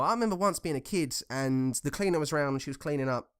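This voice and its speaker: Smooth-voiced man ranting casually. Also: mid-range voice, animated, quick pace. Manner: profane, blunt and conversational. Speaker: commentary vlogger. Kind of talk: casual rambling commentary with anecdotes.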